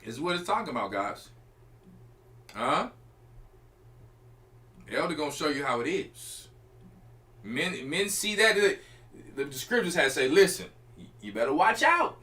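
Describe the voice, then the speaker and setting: Animated, bright-voiced male preacher. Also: a little high, unhurried, long pauses. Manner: emphatic, colloquial preaching with direct address to listeners. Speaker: church elder and preacher. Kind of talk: informal sermon teaching.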